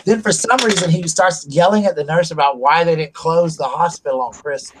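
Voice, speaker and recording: A middle-aged livestream host from South Carolina, US, chats casually on a live stream, spinning long, rambling stories full of restarts and asides. His voice is fairly high and brisk, and there's background noise.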